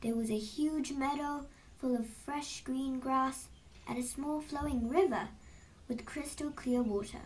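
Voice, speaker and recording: A woman narrating an illustrated storybook in a slow, expressive read-aloud style, heard from a distant mic. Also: sits high, slight background noise.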